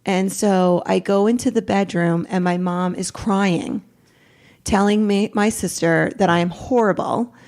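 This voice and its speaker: A middle-aged woman, a podcast guest, telling a raw personal story in a rambling, animated way, acting out what each person said. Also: mid-range voice, measured pace. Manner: rambling, animated retelling with quoted dialogue.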